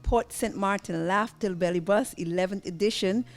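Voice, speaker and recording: A woman's voice: medium pitch, normal speed, music in the background. A woman TV reporter doing an upbeat, chatty on-the-spot interview.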